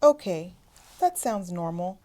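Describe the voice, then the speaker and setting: A man voicing a cold, calculating woman hospital executive who hides icy calm under syrupy, fake sympathy. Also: high-pitched, measured pace, pitched above the performer's own voice. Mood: impassive.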